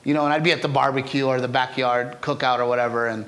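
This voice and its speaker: Speaking at a medium pitch and a quick pace, this male comedian spins stories during a casual interview. He's lively and talkative, frequently tacking "right?" onto what he says.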